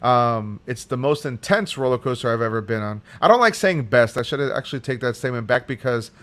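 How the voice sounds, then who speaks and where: A man's voice: mid-range voice, animated, brisk, a bit bright. A man hosting a casual group chat, enthusiastic and teasing.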